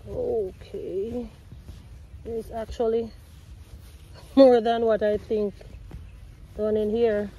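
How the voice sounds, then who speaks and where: Slow-talking excitable woman gardening vlogger. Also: fairly high pitch, a little hiss or hum. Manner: excitable, talks to viewers as guys. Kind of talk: casual gardening vlog. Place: outdoor garden beside a potato patch. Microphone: self-filmed camera.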